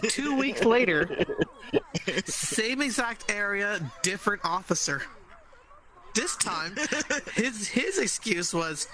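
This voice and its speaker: A man casually telling a funny anecdote to friends, with wry, sarcastic, deadpan asides. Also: high-pitched, slow pace, pauses often, crowd noise. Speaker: storyteller.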